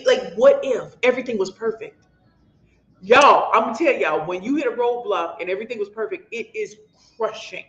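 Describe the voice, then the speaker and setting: Speaking in an expressive, medium-pitched, slightly bright voice at a moderate pace, this St. Louis-accented author from St. Louis, USA hosts a motivational livestream. She preaches with passion and addresses her audience as y'all. The room sound is echoey, dull, and lo-fi.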